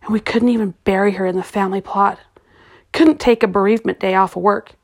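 A woman reading the part of a grieving, bitter middle-aged father who speaks low and guarded. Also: fairly even intonation, a little fast, lightly acted.

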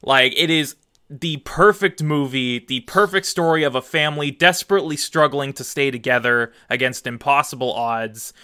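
A man's voice: medium pitch, moderate pace, sharp tone, clear, resonant tone. A man co-hosting a casual podcast, talking emphatically, gushing and swearing freely. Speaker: podcast co-host.

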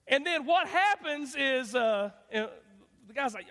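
Guy preaching in church, high bright voice, jokey and loose, lots of ums, big echoey hall. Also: animated, moderate pace, long pauses. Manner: conversational, joking, lots of fillers and restarts. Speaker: guest preacher. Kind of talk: sermon. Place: church sanctuary.

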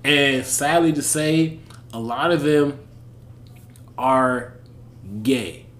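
A young man with a Southern US accent co-hosting a casual podcast, unhurried and slangy, often breaking into laughter. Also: medium pitch, fairly bright tone. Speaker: podcast co-host. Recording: echoey room, faint background hum.

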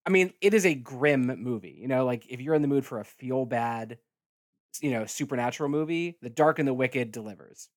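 A middle-aged man, a guest podcaster, chatting casually, lively and prone to rambling. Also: mid-range voice, a little fast. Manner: lively, laughs easily, rambling. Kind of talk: casual chat.

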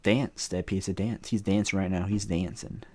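Man, podcast host, solo sports chat, halting and rambling with many fillers, casual, swears freely. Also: low-pitched, fairly even intonation. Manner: casual and profane.

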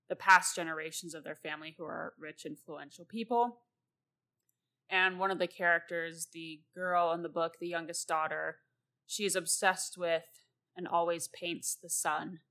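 Woman rambling about her novels, lowish voice, laughs a lot, close mic. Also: sharp tone. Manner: chatty, rambling, laughs often. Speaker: podcast host and novelist. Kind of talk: casual solo talk about writing.

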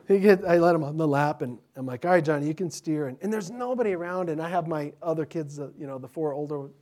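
For a children's sermon, a middle-aged pastor tells stories quickly in a slightly high voice. He's lively and conversational, regularly restarting what he's saying.

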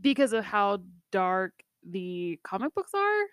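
A woman's voice: mid-range voice, very animated, a little slow, smooth. A woman co-hosting a podcast in casual chat, talking with lots of fillers and laughing often. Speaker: podcast co-host.

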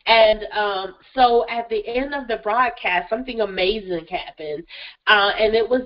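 A woman's voice: mid-range voice, measured pace, highs cut off. A woman hosting her own radio show, talking enthusiastically and effusively, her voice a bit stuffy and congested from a cold. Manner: enthusiastic, effusive, repeats "listen" and "guys". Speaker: radio show host, therapist and motivational speaker. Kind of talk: upbeat solo radio show monologue.

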